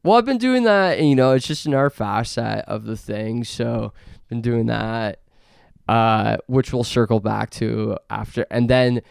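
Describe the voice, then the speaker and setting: Young male podcast host from Canada, unhurried gravelly delivery, deadpan absurd riffs, dry close mic. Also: mid-range voice, no echo. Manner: absurd deadpan bits, frequent fillers. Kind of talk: rambling comedic monologue.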